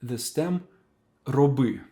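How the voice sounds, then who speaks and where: A man teaching a language lesson, saying each word slowly and repeating it for learners to copy. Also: medium pitch, warm tone. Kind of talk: slow spoken language lesson.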